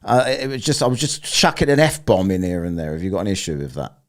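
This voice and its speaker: A man's voice: low voice, very animated, fast talker. A man hosting a live stream, rambling, teasing and swearing freely in casual chat.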